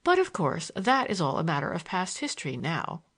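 Lady reading a cold mocking young woman, lively ups and downs. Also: mid-range voice, fairly quick. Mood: scornful. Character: cool, scornful young woman.

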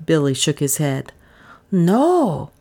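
Low, lively woman reading a mystery. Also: normal speed. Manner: dramatic, suspenseful storytelling. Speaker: audiobook narrator. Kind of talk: expressive scripted narration.

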